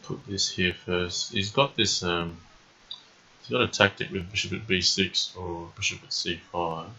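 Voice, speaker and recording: Low, husky man, commentating chess. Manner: thinking aloud, calm and measured, frequent ums and uhs. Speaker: chess streamer. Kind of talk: live game commentary. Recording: dull lo-fi stream audio.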